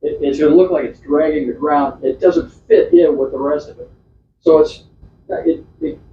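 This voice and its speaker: A man's voice: a little high, a little hiss or hum. Rambling man giving an echoey slide talk. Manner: chatty, rambling, with frequent restarts and fillers. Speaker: club presenter. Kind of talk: informal slide talk at a club meeting. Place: meeting room. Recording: echoey, distant, dull club meeting recording.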